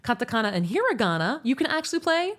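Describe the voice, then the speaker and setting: A young American woman hosting a livestream, chatting casually and answering chat in a rambling, animated way with laughs. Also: fairly high pitch, fast. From United States. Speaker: VTuber streamer.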